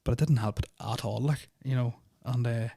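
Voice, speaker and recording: Fast-talking man, rambling. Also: medium pitch, steady tone, vocal fry, warm tone, husky, no room sound, studio quality. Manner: rambling, full of "like" fillers, restarts and swearing; nervous, uneasy retelling. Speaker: podcast host. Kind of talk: casual storytelling of personal experiences.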